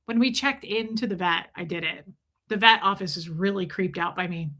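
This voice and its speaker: A woman's voice: medium pitch, a little fast, bright, forceful tone. A woman hosting a livestream, chatting casually and effusively thanking her viewers. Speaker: livestream host.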